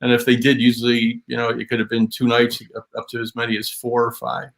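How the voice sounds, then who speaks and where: A man from Buffalo, a drum historian guest, explaining in a halting way with many fillers. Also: mid-range voice, completely flat delivery, creaky, fairly bright tone. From Buffalo, USA. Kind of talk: casual chat.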